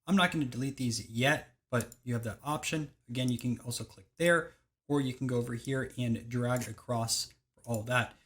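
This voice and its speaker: A young man hosting a screen-recorded software tutorial, giving brisk step-by-step instructions in casual phrasing. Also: mid-range voice.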